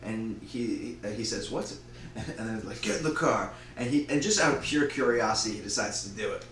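Man, low voice, casual rambling storyteller who slips into character voices; echoey room, distant mic, faint hum. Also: fairly bright tone. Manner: rambling, acts out lines in quick voices. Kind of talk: casual retelling of a made-up movie plot.

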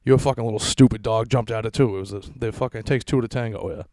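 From his basement at home, a thirtysomething podcast host goes it alone, spinning rambling, foul-mouthed stories at his own expense. His voice is medium in pitch and mellow, his delivery fast, and the recording dry.

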